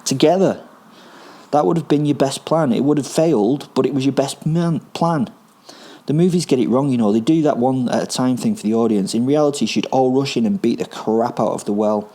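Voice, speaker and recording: A man's voice: medium pitch, fairly quick, warm tone, voice pushed up, lightly acted. A man voicing a smug, cruel man taunting street thugs in a raised, mocking voice.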